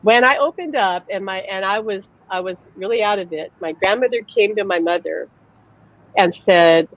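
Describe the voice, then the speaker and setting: A woman's voice: medium pitch, a little fast, muffled recording. A woman, a psychic medium hosting a live online chat, tells personal stories casually, acting out the voices she quotes and using lots of "like" fillers. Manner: chatty, acts out quoted voices, many "like" fillers. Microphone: video call.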